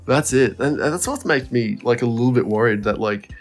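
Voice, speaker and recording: A man's voice: medium pitch, fairly quick. Brief: male podcast co-host, rambling storyteller, swears freely, laughs mid-sentence. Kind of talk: casual storytelling chat.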